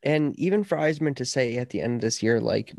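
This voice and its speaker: A man's voice: medium pitch, lively intonation, fast, vocal fry, darkish tone, no room sound, clean studio sound. A man co-hosting a sports podcast, talking casually and enthusiastically. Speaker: podcast co-host.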